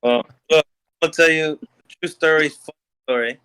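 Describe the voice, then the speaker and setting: A man's voice: on the high side, moderate pace, bright, forceful tone, smooth, rough recording. A man chatting on a podcast, telling jokes and stories casually.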